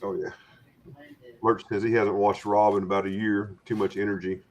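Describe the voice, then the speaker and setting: A man's voice: on the low side, level tone, normal speed, a little mellow, highs cut off. A man hosting a casual livestream chat, rambling and friendly, often repeating words. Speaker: stream host. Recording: faint background noise.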